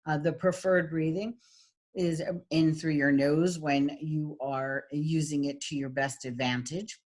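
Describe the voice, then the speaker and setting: A woman's voice: low voice, fairly even intonation, measured pace, darkish tone. A woman teaching an online lesson on voice qualities, speaking with many ums and exaggerating sounds to demonstrate them. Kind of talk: online lecture with screen share.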